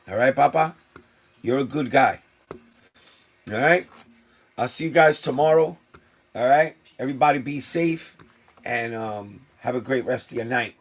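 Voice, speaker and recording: A man's voice: medium pitch, a little slow, long pauses. A man, a sneaker vlogger talking to camera in an emotional, heartfelt way that circles back and repeats itself. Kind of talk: casual talk to camera.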